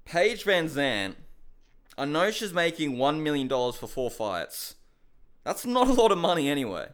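Smooth-voiced man ranting incredulously. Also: on the high side, very animated, moderate pace. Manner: heated, incredulous, swearing. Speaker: MMA commentator. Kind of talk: ranting commentary to camera.

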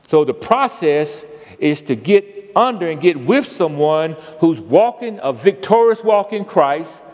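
A man's voice: a little high, very animated, measured pace, a little mellow. A man preaching a sermon as pastor, folksy, calling out to the congregation. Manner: call-and-response preaching, folksy. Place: church sanctuary. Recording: long church reverb.

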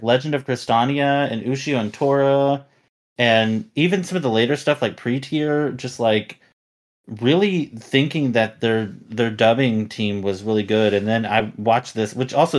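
A man in a relaxed podcast conversation, his voice sitting at an ordinary middle pitch. He rambles, restarts his sentences and leans on filler words. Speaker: podcast host. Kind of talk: casual podcast chat.

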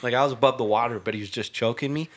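A man's voice: medium pitch, very fast, fairly bright tone. A young man hosting a casual chat show, telling a story in a laid-back way, often saying "dude" and "bro" and laughing. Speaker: podcast host.

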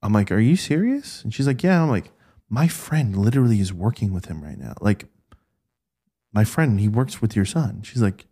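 As a podcast guest, a man recounts experiences from an old job in easygoing storytelling, animatedly acting out the voices he quotes. He speaks at a normal speed in a voice on the low side with a breathy edge.

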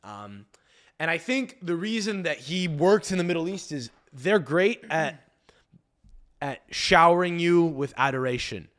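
A man's voice: on the high side, lively intonation, unhurried, a bit bright. Rambling, foul-mouthed male podcast host. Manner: rambling, profane, many restarts and fillers. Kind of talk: comedic podcast rant.

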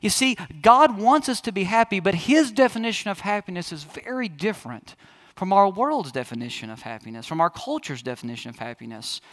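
Male pastor, thirties, high voice, chatty sermon, storytelling. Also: sing-song, fairly quick, a bit bright. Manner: conversational, chatty storytelling with the congregation.

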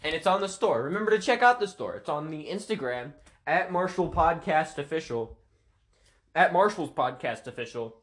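A man's voice: fairly high pitch, lively intonation, moderate pace, fairly bright tone. A man hosting a casual podcast, rambling and joking around with plenty of goofy asides. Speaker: podcast host.

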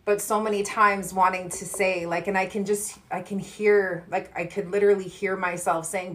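A woman's voice: medium pitch, level tone, normal speed, few pauses, a bit bright. A woman speaking thoughtfully and with some hesitation in a personal conversation. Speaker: conversation partner.

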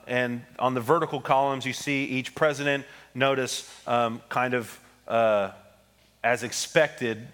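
A man preaches in a relaxed, conversational style, and his ums and small asides come between the points of the sermon. His voice sits in an ordinary middle pitch. A long hall reverb trails after his words. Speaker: pastor.

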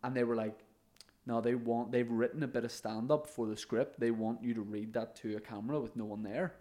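A man's voice: mid-range voice, fairly even intonation, a little fast, dark tone. A man, a comedian and podcast co-host, telling stories in casual chat, laughing often and swearing now and then.

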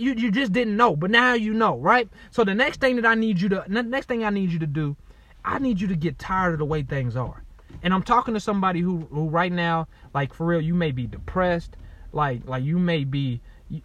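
A man who writes self-help books gives a motivational talk. He repeats himself for emphasis, keeps asking "right?" and saying "y'all", and moves from low, earnest talk to loud, insistent urging. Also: dry recording. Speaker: motivational speaker and author.

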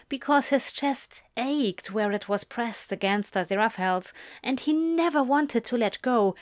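A woman narrating a story aloud, calm and steady in tone. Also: a little high, no echo, clean studio sound. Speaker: audiobook reader. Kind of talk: scripted fiction narration.

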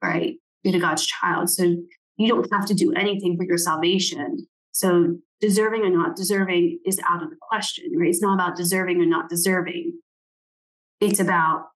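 Lowish-voiced woman rambling thru her thoughts, lots of "like" and "right?", reading bits of a book out loud. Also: steady tone, moderate pace, low-quality recording. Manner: rambling, thinking aloud, many "like" and "right?". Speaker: presenter reflecting on a book. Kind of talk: casual reflective talk with book reading.

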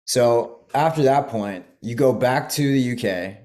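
A man hosting a podcast in casual interview style, relaxed and reactive, swearing now and then. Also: medium pitch, measured pace. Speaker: podcast host.

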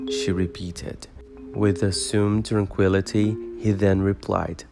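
A man reading a classic novel aloud as audiobook narration, steady and even. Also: sits low, slow, creaky. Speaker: audiobook reader. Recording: guitar music behind voice.

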